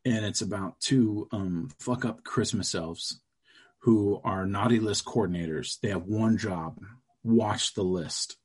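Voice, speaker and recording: A man's voice: on the low side, a little slow, slightly rough. A middle-aged man, a guest on a podcast, chatting casually in a loose, crude storytelling way. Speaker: guest, comic book creator.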